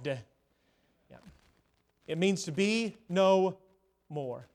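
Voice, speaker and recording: A middle-aged man preaching a sermon, telling stories and swinging between loud bursts and hushed, drawn-out lines. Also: high-pitched, slight background noise. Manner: storytelling, swings from loud to hushed, dramatic pauses.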